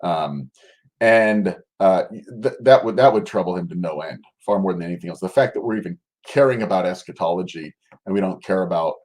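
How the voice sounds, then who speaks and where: A man, a guest scholar, explaining ideas in conversation, halting often and restarting his sentences. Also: low voice, darkish tone.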